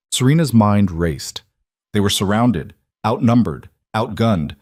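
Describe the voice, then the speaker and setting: A man narrating a dramatic story in steady, scripted storytelling. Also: lowish voice, measured pace, no echo, studio quality.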